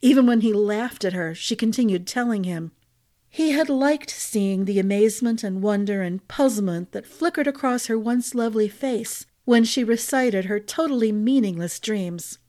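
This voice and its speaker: A woman narrating a fantasy novel for a storytelling podcast in a measured, dramatic reading style. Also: medium pitch, mellow.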